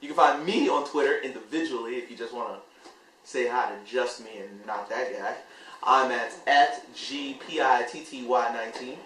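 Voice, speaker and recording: A man's voice: medium pitch, steady tone, normal speed, a bit bright, a little hiss or hum. A man co-hosting a casual podcast chat over beers, making dry, teasing jokes. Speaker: podcast co-host. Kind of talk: casual beer-drinking chat. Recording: roomy sound, mic at a distance.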